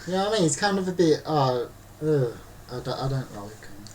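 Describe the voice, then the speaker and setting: Man, casual co-host, animated storyteller, distant mic with faint noise. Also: a little high, brisk. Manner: animated storyteller, mimics people in exaggerated voices. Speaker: podcast co-host. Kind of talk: casual chat.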